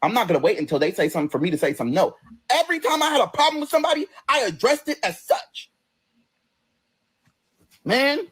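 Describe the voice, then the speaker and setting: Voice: mid-range voice, very animated, fast, long pauses, husky. A person ranting on a livestream in a combative, profane, sassy way, straight into a phone.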